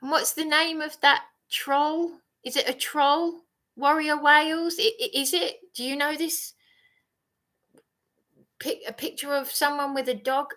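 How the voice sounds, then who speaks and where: Woman, livestream rant, accusatory and repetitive, slightly high voice, slow delivery. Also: steady tone, pushed and bright. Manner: agitated, accusatory, repeats herself.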